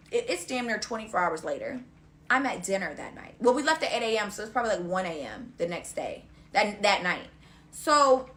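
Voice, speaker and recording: A woman's voice: on the high side, bright, forceful tone. A young woman telling a casual storytime rant, blunt and profane, acting out other people's lines as she goes. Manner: blunt, profane, acts out quoted dialogue.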